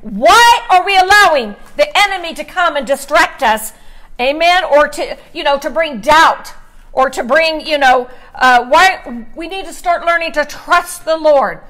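A woman pastor preaching, emphatic, slowing down to stress scripture. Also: high-pitched, lively intonation, a bit bright. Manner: emphatic, slows to stress scripture, asks "Amen?". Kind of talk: sermon.

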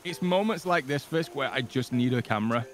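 A man's voice: medium pitch, lively intonation, a little fast, faint music behind. A man playing a co-op game with a friend, jokey and giggly, with big swoops in his talk. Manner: jokey, giggly, wildly swinging delivery. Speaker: co-op gaming partner. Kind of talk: casual co-op gameplay chat.

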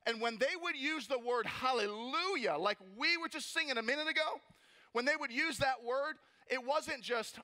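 A man preaching a sermon as pastor, energetic, asking rhetorical questions and tossing in playful asides. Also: very high-pitched, normal speed.

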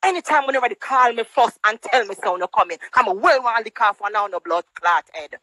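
Sharp-toned and quick, with lively intonation, she scolds and mocks in patois during a heated phone live stream, her Jamaican accent strong. She mimics others in a higher voice, and the audio is poor quality with no room sound.

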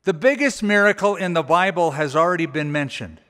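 Male pastor, sermon delivery, casual paraphrasing, slightly high voice, church hall with long reverb. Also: brisk. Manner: conversational, folksy paraphrasing with animated quoted voices. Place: church auditorium.

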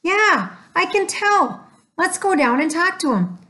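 An eager, fearless little girl from a children's storybook, insistent and wide-eyed, as a woman reader puts her on. Her voice sits very high and bounces with excitement. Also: unhurried, heavily acted. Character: bold, excitable little girl who loves animals.

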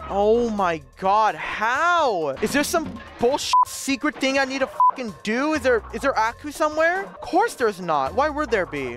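A young man giving live gameplay commentary as a let's play gamer, ranting at the game with frustration and lots of swearing. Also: very high-pitched. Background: game music.

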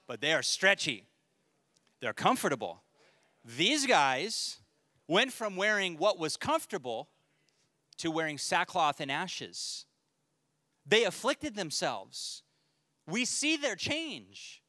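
Bright-voiced pastor teaching men. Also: male voice, a little high, dry recording, studio quality. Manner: joking, conversational, reads scripture aloud. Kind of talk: casual Bible teaching. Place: church men's study group.

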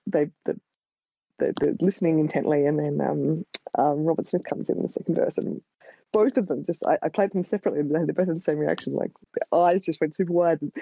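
A woman's voice: sits low, fast talker, gravelly, warm tone, slightly rough. An Australian woman, a guest writer, chatting casually in a rambling, hesitant way full of ums, on a dull lo-fi recording. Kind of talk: casual chat. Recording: dull lo-fi sound.

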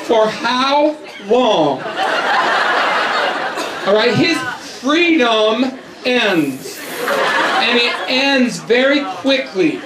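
A man's voice: extremely high pitch, animated, very slow, long pauses, a loud crowd. A middle-aged man from North America giving a humorous, emphatic storytelling sermon to a youth audience. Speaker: youth conference speaker. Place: large hall with audience. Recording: echoey hall, distant mic, audience noise.

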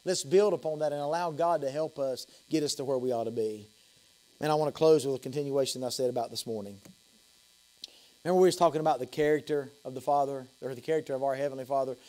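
A man, a pastor preaching an evening sermon in a church. His preaching swings between high, loud passages and soft, low ones, and he often repeats and restarts phrases. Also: poor audio. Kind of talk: evening sermon with altar call. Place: church sanctuary.

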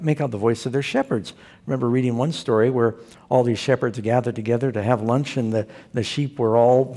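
Speaking with a medium-pitched, dark voice, a male pastor delivers a sermon. He brings humor into his storytelling and asks his listeners questions.

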